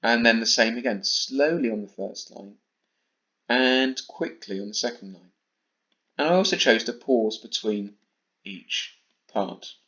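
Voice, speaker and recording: A man teaching a primary school lesson from home with an English accent, talking slowly and carefully with deliberate pauses. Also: mid-range voice, pushed and bright. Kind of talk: recorded home-learning lesson. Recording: slightly dull lo-fi recording.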